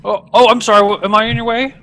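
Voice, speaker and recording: A man's voice: high voice, level tone, quick pace, bright, forceful tone, voice pushed up. A man voicing a timid young male half-orc who stammers and apologizes nervously.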